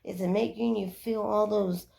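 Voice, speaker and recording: A woman's voice: mid-range voice, fairly even intonation, moderate pace, vocal fry, mellow. A young adult woman giving earnest, rambling life advice in a casual monologue. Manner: earnest, preachy, rambling with restarts.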